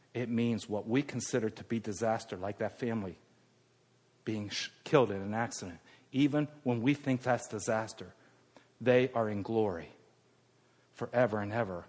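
Middle-aged preacher in a reverberant hall. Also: male voice, on the low side, normal speed. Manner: swings from raised emphatic preaching to hushed, near-whispered delivery. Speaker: pastor. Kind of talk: sermon.

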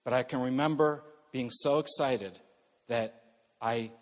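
A middle-aged male pastor preaching a sermon earnestly, moving between loud emphasis and soft, hushed passages. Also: medium pitch, a little slow, long reverb tail.

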